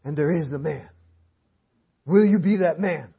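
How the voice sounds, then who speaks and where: A man's voice: fairly high pitch, measured pace, vocal fry, breathy edge. A man preaching a sermon in a church hall, driving his points home with emphatic, repeated phrases. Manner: emphatic, repetitive preaching cadence. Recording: dull lo-fi sermon audio.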